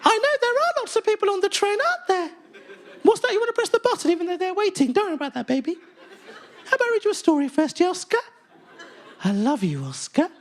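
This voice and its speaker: Guy doing a super high gushy parent cooing at a toddler, all sing-song. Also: very animated, quick pace, some chatter behind, full character voice. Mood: sugary sing-song. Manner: sing-song, overly sweet baby talk. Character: gushing performative parent talking to toddler.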